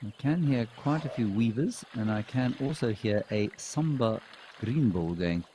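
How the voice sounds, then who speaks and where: A man hosting a live wildlife cam show, reading out viewer comments and commenting on animals with relaxed, dry humor. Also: medium pitch, measured pace, background noise. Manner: dry, deadpan jokes.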